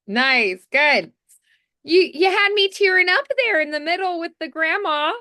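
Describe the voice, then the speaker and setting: A woman's voice: extremely high pitch, expressive, slow pace, bright, forceful tone, dry recording, clean studio sound. A woman coaching a voiceover student in an encouraging, chatty way with many fillers. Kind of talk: coaching feedback, conversational.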